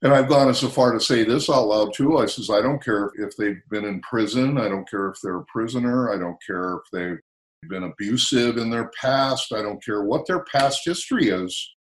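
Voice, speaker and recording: Older American man, low voice, chatty guest telling anecdotes with lively acted-out dialogue. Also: moderate pace. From United States. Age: 60s. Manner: animated storyteller, acts out quoted dialogue. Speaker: guest, motivational speaker. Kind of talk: casual storytelling conversation.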